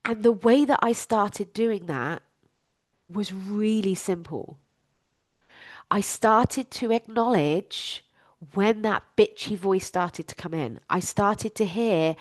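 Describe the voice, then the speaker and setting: A middle-aged Englishwoman hosts her own life-coaching podcast in a frank, emphatic monologue that doesn't shy away from swearing. She takes her time over every phrase, at a mid pitch for a woman. The recording is dry and close, with no room echo. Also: slow.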